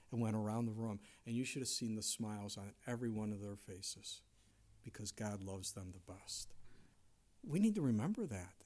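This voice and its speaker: A middle-aged man preaching a conversational sermon, dropping to hushed tones and rising into loud dramatic quotes. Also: lowish voice, expressive, normal speed. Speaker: pastor.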